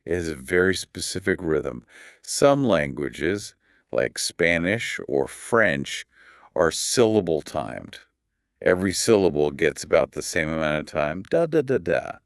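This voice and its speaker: A man hosting a podcast, explaining English pronunciation in a calm, measured scripted teaching dialogue. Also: very deep voice, gravelly, dry recording, studio quality.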